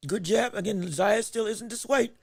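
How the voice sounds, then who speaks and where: A very high-pitched man calling a boxing match live from his podcast setup, close on a dry microphone. He reacts quickly and excitably to each exchange and restarts his phrases as the action moves. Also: vocal fry, no room sound. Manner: excitable, quick reactions, frequent self-corrections. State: hiccups. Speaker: podcast host and fight commentator.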